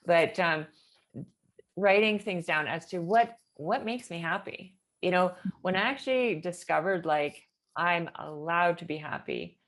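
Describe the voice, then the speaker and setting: A woman's voice: on the low side, a little slow. A woman chatting casually in a rambling way, with many fillers and nervous laughter. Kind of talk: casual chat.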